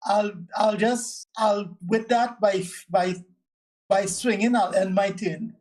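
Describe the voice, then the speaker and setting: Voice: mid-range voice, steady tone, slow pace, a little mellow, poor audio. A player in a tabletop game, talking casually and hesitantly, often repeating words.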